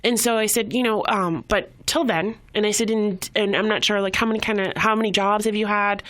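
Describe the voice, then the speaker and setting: A woman guest on a podcast, telling a story in a casual, animated way and acting out quoted voices, with many fillers and restarts. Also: medium pitch, a little fast, dry recording. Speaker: program volunteer guest.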